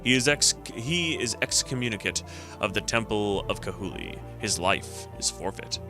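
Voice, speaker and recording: A man's voice: lowish voice, lively intonation, moderate pace, over music, natural voice. A man reading the lines of a stern older male temple lector from a retro game, speaking in solemn, formal pronouncements. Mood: grave.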